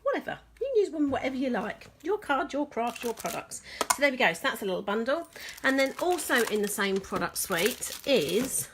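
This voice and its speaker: A woman shows off new craft papers in a casual vlog, gushing and chatty and quick to laugh at herself. Her voice sits a little high and swoops up and down with delight. A faint hiss lies under it. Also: very animated. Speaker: crafting product demonstrator. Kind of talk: casual show-and-tell vlog.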